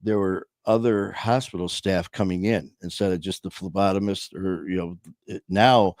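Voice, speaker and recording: A man's voice: low voice, steady tone, normal speed, darkish tone, dry recording, clean studio sound. A man casually telling a personal story, blunt and profane, with many restarts and trailing phrases. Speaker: podcast host telling his story.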